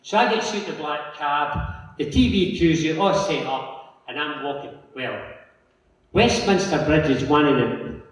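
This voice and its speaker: A Scottish man with a slightly high, expressive voice talks at a measured pace. He's a local councillor giving a chatty, rambling talk in a large conference hall, telling a story and acting out other people's lines. The recording is echoey and from far off.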